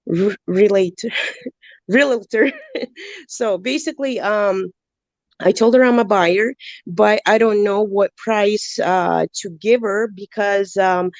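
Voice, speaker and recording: A woman's voice: mid-range voice, dry recording. A woman calling in with her first real estate deal, nervous and hesitant, filling her speech with ums and small laughs. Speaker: caller, new wholesaler. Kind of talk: call-in question to a coach.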